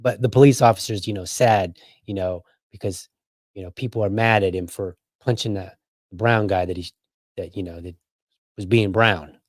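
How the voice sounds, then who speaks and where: A man's voice: fairly low pitch, moderate pace, no echo, studio quality. A man hosting a podcast, giving casual political commentary with conversational hyperbole and frequent asides. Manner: conversational, hyperbolic, keeps asking "right?". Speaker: podcast host.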